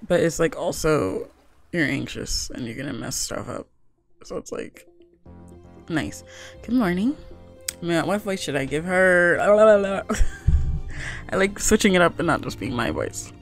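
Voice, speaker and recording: A young woman talks casually through a gaming video, reading the game's text aloud between chatty asides. Her pitch swings widely and her voice carries a gravelly fry. She fills her sentences with "like" in an easygoing, rambling way. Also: animated, a little slow, pauses often, faint music behind. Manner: chatty, full of "like" fillers, reads game text aloud. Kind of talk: casual let's-play commentary.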